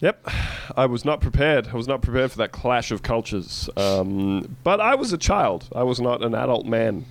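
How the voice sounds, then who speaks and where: A man's voice: medium pitch, fairly even intonation, moderate pace, creaky, hardly any pauses. Sweary jokey Australian man. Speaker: podcast co-host. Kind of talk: casual comedic chat.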